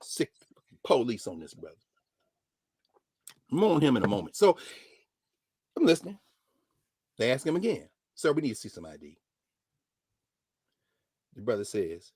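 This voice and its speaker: A middle-aged man, a professor telling a story dramatically, dropping to a hush and rising to shouts as he quotes people. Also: medium pitch, big pitch swings, normal speed, long pauses, husky, dry recording, studio quality. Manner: dramatic retelling, voicing others in quotes, swinging from hushed to shouting. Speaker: professor and regular guest. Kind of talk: animated storytelling lesson.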